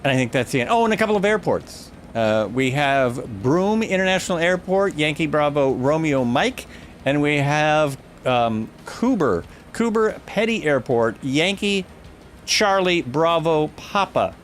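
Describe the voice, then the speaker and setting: With slight background noise, a fairly high-pitched man speaks in an animated but measured way. He streams a flight simulator, chatting and thinking aloud, and keeps catching and correcting himself mid-thought.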